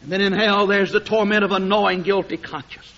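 A man preaching a fiery sermon, swinging from hushed tones to shouting and drawing out words for emphasis. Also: high-pitched, fairly even intonation, brisk. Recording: dull lo-fi sermon recording.

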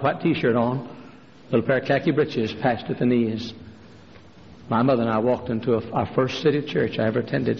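Gravelly preacher in a big hall. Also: male voice. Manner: fiery preacher, jumps to a high strained voice for quoted women. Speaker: pastor. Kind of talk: sermon with acted-out stories. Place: large church. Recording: dull, hall reverb, faint noise.

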